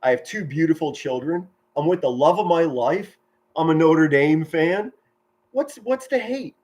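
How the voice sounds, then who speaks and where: A middle-aged man giving excited live football play-by-play from home, shouting big plays and chatting warmly with his viewers. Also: on the high side, moderate pace. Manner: enthusiastic, yells touchdown calls, chatty and sentimental with viewers. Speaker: amateur play-by-play commentator streaming live.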